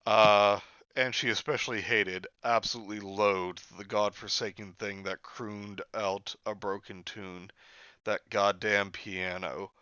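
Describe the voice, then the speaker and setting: A man's voice: on the low side, level tone, measured pace, bright, forceful tone, clear, resonant tone, dry recording, dull audio. A man co-hosting a podcast, reading a horror story aloud with sarcastic asides. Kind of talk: casual read-along with jokes.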